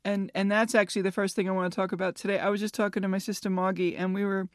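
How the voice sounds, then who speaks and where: A woman's voice: mid-range voice, little pitch movement, racing, no room sound, studio quality. A woman in her fifties hosting a casual solo podcast, chatty and self-mocking, laughing at her own jokes. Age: 50s. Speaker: podcast host.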